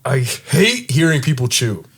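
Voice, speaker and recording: Husky, teasing man with a lively voice. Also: mid-range voice, a little slow. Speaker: podcast co-host. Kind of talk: casual chat. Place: small podcast studio.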